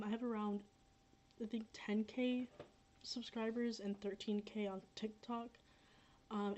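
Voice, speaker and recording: On her livestream, a young female creator reads comments aloud in a relaxed chat, her mid-range voice carrying a dark tone. She rambles on, says the same things repeatedly, and leans on "um" and "like," all captured in slightly dull, lo-fi sound.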